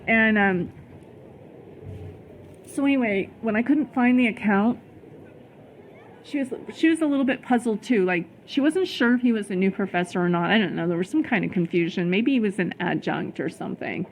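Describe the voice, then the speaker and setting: A middle-aged woman tells a personal story on her vlog with emphatic heat, stumbling over restarts and fillers. Her voice has a gravelly edge. A faint noise sits under the recording. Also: medium pitch, lively intonation, moderate pace, rough recording. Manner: heated, emphatic, many fillers and repeated words. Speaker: vlogger.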